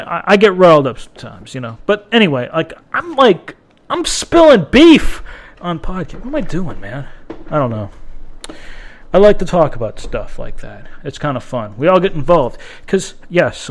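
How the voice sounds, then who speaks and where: Podcast host, male, high-pitched voice, rambling, profane, keeps restarting his sentences. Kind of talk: casual podcast monologue.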